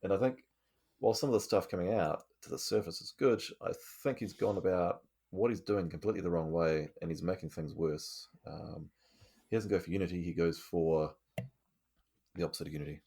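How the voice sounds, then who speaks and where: A man's voice: sits low, a little fast, dark tone, slightly rough. A man co-hosting a podcast, talking in an earnest, thoughtful way with casual swearing. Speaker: podcast co-host. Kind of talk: casual chat.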